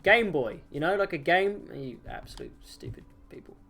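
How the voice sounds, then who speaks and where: A man's voice: fairly high pitch, very animated, moderate pace, fairly bright tone, slightly rough. A man streaming a game live, chatting casually with viewers in silly, jokey banter and laughing often. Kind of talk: casual live-stream chat while gaming.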